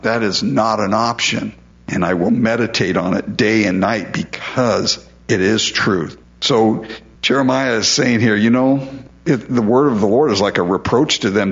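A man's voice: fairly low pitch, fairly bright tone, highs cut off. A male pastor preaching a sermon in a conversational way, often repeating words as he stresses a point.

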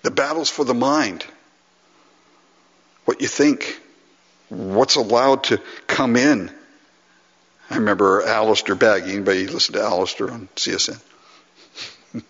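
A man delivers a sermon in a casual, conversational way, often restarting phrases and checking in with the congregation. His voice is a little husky. The sound is lo-fi, with a long hall reverb behind it. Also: lowish voice, a little slow, pauses often, a bit bright. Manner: conversational preaching with repeated restarts and asides to the congregation. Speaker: pastor.

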